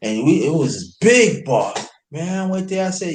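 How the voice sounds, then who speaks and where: A man's voice: a little high, sing-song, moderate pace. A man from New York telling a loose, profane story in casual chat and slipping into quoted voices. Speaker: host. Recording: roomy echo.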